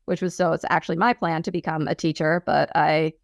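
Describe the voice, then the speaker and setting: Low-voiced woman with subtle Long Island accent. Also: steady tone, fairly quick, vocal fry, no room sound, studio quality. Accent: subtle Long Island New York. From Long Island, New York. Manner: chatty, self-deprecating, laughs often. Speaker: author guest. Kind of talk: casual interview chat. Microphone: video call.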